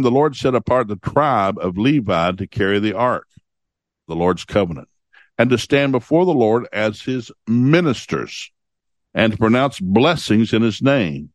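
A man's voice: mid-range voice, no room sound. A man hosting a short devotional, reading scripture aloud and explaining it in a folksy, repetitive way. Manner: folksy, repeats points and reads scripture aloud. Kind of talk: casual Bible teaching.

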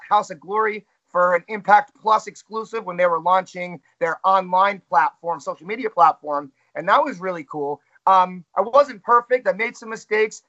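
A man's voice: high-pitched, bright, forceful tone, lo-fi sound. A man who works as a wrestling ring announcer, talking candidly and self-critically in a casual interview.

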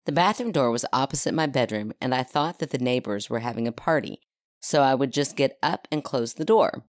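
Low-voiced chatty woman podcast host. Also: lively intonation, no echo, clean studio sound. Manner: chatty, laughing, quick asides. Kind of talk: casual chat and reading a listener story.

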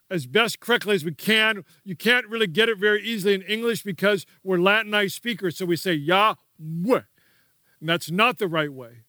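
A man's voice: sits high, sharp tone, no echo, clean studio sound. A man preaching a sermon as pastor, emphatic and repetitive, prompting the congregation to repeat key words.

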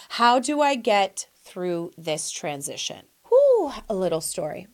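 A middle-aged woman hosting an advice podcast, talking in a playful, encouraging and animated way. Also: fairly low pitch, a little slow, few pauses. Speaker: podcast host.

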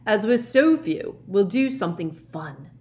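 A woman's voice: mid-range voice, sing-song, unhurried, darkish tone, voice pushed up. A woman voicing a genial, airy older male potions teacher in a storybook reading.

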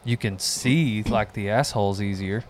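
A man's voice: lowish voice, normal speed, slight background noise. A man hosting a casual chat, reading out listener questions and answering with dry, joking bluntness.

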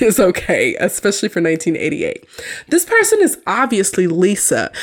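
A woman hosts her own podcast and walks through a film review in a loose, conversational way. She talks with a wry, teasing edge and often laughs at her own remarks. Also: mid-range voice. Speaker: podcast host. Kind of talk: casual film review monologue.

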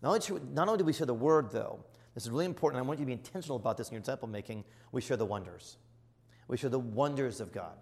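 Earnest middle-aged preacher in a reverberant hall. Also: male voice, mid-range voice, lively intonation, very fast, gravelly. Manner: earnest and emphatic, surging to loud exclamations. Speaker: bishop. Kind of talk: sermon-style teaching. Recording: long reverb of a large hall.

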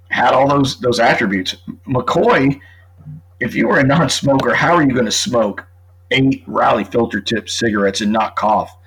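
A man's voice: mid-range voice, a bit bright, slightly rough, rough recording. A middle-aged man, an author appearing as a guest, talking casually and laying out his argument point by point. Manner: talkative, builds his case point by point. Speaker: author and true crime guest. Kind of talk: casual podcast conversation.

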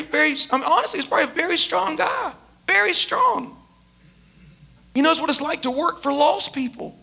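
High, bright-voiced male preacher. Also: vocal fry. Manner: animated storytelling, emphatic. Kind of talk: sermon.

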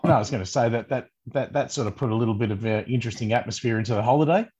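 Australian man, husky voice, dull sound. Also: mid-range voice, rapid-fire, dark tone. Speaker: podcast co-host, coach. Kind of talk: casual chat.

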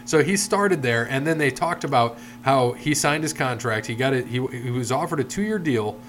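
Middle-aged male podcast host, mid-pitched, rambling and profane, faint background noise. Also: expressive, moderate pace, a bit bright. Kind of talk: casual podcast chat.

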